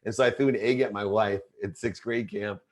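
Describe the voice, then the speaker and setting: In an interview, a middle-aged man with a fairly low, steady voice tells a personal story a little fast, earnest and intense in his confessional telling. He often restarts partway through a sentence.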